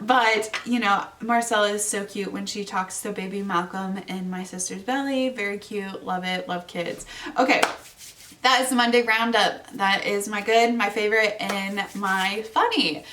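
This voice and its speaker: A woman's voice: medium pitch, fairly even intonation, moderate pace, fairly bright tone, slight background noise. Bubbly woman in her 20s rambling on her podcast, kinda far off the mic. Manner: chatty and bubbly, lots of fillers. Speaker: podcast host. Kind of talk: casual solo podcast chat.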